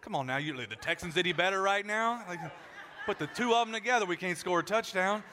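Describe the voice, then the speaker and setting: A man preaching a sermon in a large church, animated and joking with the congregation, often repeating words as he restarts. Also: high voice, brisk, slight background noise. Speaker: pastor. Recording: echoey hall.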